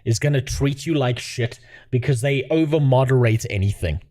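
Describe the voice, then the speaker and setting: A man's voice: medium pitch, normal speed, background noise. A man chatting casually on a livestream, profane and rambling, talking to his viewers. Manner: profane, rambling, laughs often. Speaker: streamer.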